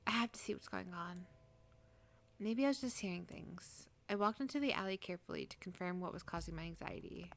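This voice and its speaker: A woman's voice: mid-range voice, vocal fry. A woman streaming a game, reading its dialogue aloud and breaking into crude, joking outbursts. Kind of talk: casual gameplay commentary and reading.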